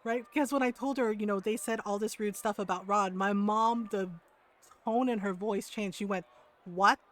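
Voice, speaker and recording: A woman's voice: medium pitch, moderate pace. A woman streamer chatting casually with viewers, telling a story with energy, laughing often and checking in with "right?". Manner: animated storyteller, keeps asking "right?".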